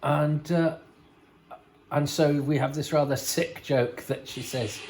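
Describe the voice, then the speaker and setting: A man's voice: on the high side, fairly even intonation, takes it slowly, a little mellow, poor audio. Chatty rambling man. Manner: rambling, chatty, self-correcting, wry asides. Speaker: podcast host. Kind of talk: casual commentary over a TV episode.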